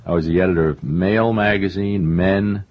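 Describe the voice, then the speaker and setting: An older male novelist, guest in a conversational interview, talks in a deep voice with fairly even intonation at a moderate pace. He rambles, pokes fun at himself, and keeps restarting amid many fillers. The sound is a dull lo-fi radio recording.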